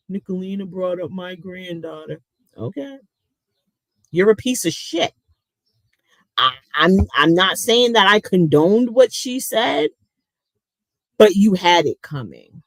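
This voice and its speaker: A woman's voice: medium pitch, animated, takes it slowly, no room sound, low-quality recording. A woman hosting casual livestream commentary, reading out chat and talking bluntly and sarcastically with plenty of swearing.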